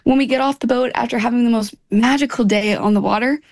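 Woman from Louisiana, radio guest, upbeat and chatty, slightly high pitch, some vocal fry. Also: steady tone, quick pace, no echo. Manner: enthusiastic, upbeat tour-guide planning. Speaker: interview guest. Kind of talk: casual radio interview.

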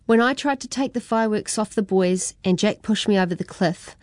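Woman doing a sharp-tongued young girl. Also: medium pitch, no room sound, voice pushed up, natural voice. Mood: earnest. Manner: quick, cutting.

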